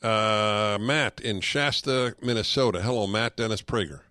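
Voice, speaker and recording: A man's voice: on the low side, unhurried, pushed and bright, dry recording, studio quality. A man hosting a call-in radio talk show, speaking earnestly and emphatically and taking calls. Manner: emphatic, earnest, sarcastic asides.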